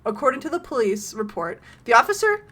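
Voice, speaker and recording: A young woman streaming a horror game, excitable, laughing often and swearing casually. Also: on the high side, brisk. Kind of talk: casual gameplay commentary.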